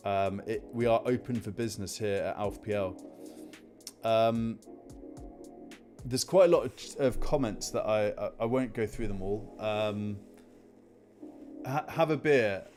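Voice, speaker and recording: A man's voice: lowish voice, darkish tone. A man with a posh southern English accent hosts a fantasy football live stream, chatty and upbeat. He calls everyone mate, and light music plays faintly behind him. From Scunthorpe, northern England. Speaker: host of a fantasy football livestream. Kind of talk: casual live-stream chat.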